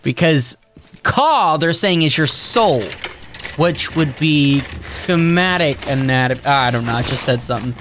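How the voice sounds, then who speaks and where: A man giving rambling, excitable let's-play commentary, talking to his viewers as he plays. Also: a little high, unhurried, slight background noise. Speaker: gaming YouTuber. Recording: game music behind.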